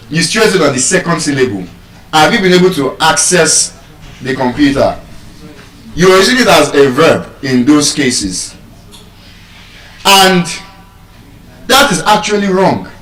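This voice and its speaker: A man's voice: a little high, a bit bright. A man teaching pronunciation to a live audience, spelling words out letter by letter and quizzing the room in a teasing way. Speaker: speaker teaching English pronunciation. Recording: echoey hall, mic at a distance.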